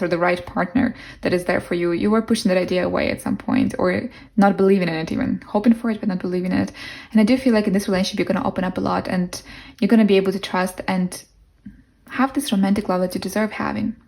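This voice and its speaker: A young woman with a medium-pitched, darkish voice and a non-native English accent does a casual pick-a-card tarot reading. She muses aloud, using fillers and restarting her sentences.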